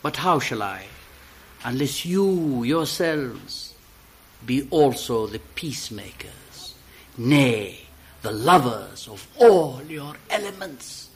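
Man, poetry reader; expressive delivery, lively pitch, unhurried pace. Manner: slow, rising to loud high emphatic peaks.

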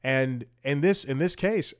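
A man's voice: mid-range voice, measured pace, smooth. A man hosting a podcast, chatting casually with lots of fillers, restarts and tangents as he thinks aloud. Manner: rambling, many fillers and restarts; opinionated, thinks aloud while scrolling. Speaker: podcast host. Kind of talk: casual commentary.

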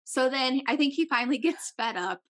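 A woman telling a story in casual chat, acting out the people she quotes with big jumps in her voice. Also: a little fast. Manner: animated, acts out quotes with big pitch jumps.

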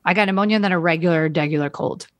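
A young woman comedian in casual chat, telling stories with animated put-on voices for the people she quotes. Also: lowish voice, racing, no echo.

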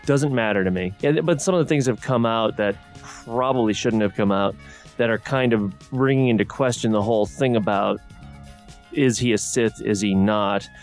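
A man's voice: on the low side, moderate pace, soft background music. A man co-hosting a casual podcast chat, opinionated and ranty, often repeating his words. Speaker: podcast co-host.

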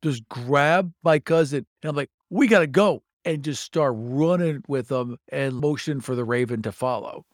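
A man's voice: medium pitch, normal speed, hardly any pauses, no room sound, clean studio sound. A man playing a tabletop game, talking casually and animatedly about his character. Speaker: player.

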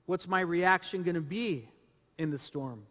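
High, bright-voiced male preacher. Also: a little slow, long reverb tail. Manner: preaching with rhetorical questions and repetition. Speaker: pastor. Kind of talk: sermon.

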